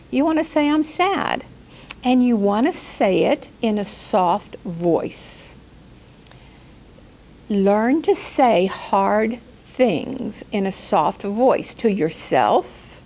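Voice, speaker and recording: Woman, life coach, calm teaching talk, mid-pitched voice with gravelly fry, slows for emphasis. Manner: calm, gentle delivery with slow deliberate emphasis; acts out quoted outbursts in a higher, louder voice.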